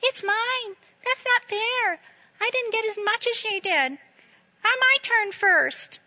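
A woman's voice: very high-pitched, slow pace, bright, forceful tone, lo-fi sound, pitched above the performer's own voice, full character voice. A woman putting on the voice of a whiny, selfish young child who complains. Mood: whining. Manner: whining, complaining.

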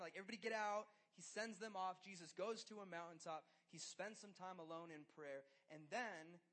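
A man with a notably high voice preaches a casual sermon, peppered with "like" and restarts. He sways from soft, hushed questions to loud, urgent pleas. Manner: swings between loud urgency and hushed intimacy; conversational, filler "like".

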